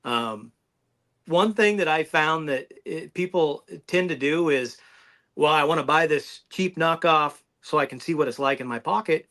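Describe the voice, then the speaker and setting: Bright, lively man talking knives. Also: a little high, measured pace. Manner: rambling, restarts mid-sentence. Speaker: knife reviewer guest. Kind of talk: casual podcast chat.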